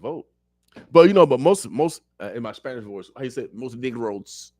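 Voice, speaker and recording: On a radio show, a male guest with a medium-pitched, sing-song voice talks politics briskly and a little mellowly, the recording dry. He argues with fiery, preacher-like passion, repeating phrases for emphasis in a radio studio.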